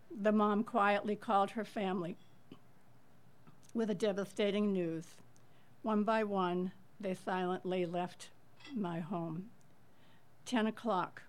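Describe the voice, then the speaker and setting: A middle-aged woman reading a personal true story aloud to listeners, measured and earnest, leaning into the tense moments. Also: mid-range voice.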